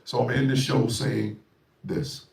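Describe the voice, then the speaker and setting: A man's voice: mid-range voice, level tone, measured pace, vocal fry, darkish tone. A middle-aged man hosting a radio show, delivering a heated, preachy monologue full of repeated emphasis and swearing. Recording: roomy, distant from the mic.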